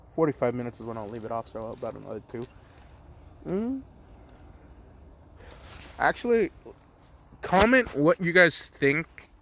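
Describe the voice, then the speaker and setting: A man's voice: mid-range voice, a bit bright. A young man casually improvising a crude fan story, rambling, swearing a lot and laughing at his own jokes.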